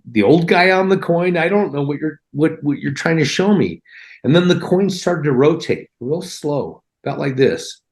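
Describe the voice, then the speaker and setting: A man's voice: medium pitch, a little mellow. A man earnestly recounting a personal near-death experience in a heartfelt, conversational way, acting out his own reactions.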